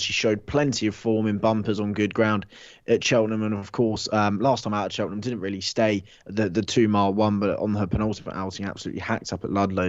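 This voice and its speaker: A man co-hosting a horse racing preview, working quickly through each horse's form. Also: on the low side, no room sound, highs cut off. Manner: fast, form-heavy analysis with restarts. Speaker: racing tipster co-host. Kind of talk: casual racing preview chat.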